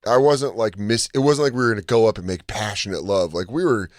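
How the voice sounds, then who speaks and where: A man's voice: on the low side, quick pace, no echo, studio quality. A man co-hosting a podcast, telling a rambling story in casual chat and laughing often. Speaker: podcast co-host.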